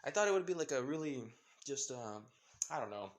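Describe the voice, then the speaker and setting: A young man spins a fan fiction story off the top of his head, his voice sitting at an ordinary middle pitch. He rambles and trips over his words, fixing himself mid-sentence and leaning on filler words as he goes. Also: sing-song, brisk. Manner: rambling, full of fillers and self-corrections. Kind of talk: improvised fanfiction storytelling.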